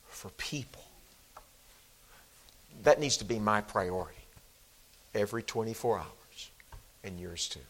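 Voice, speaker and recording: A man preaching a sermon as pastor, telling a story and acting out the people in it, then closing in prayer. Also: lowish voice. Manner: storytelling, acts out quoted voices.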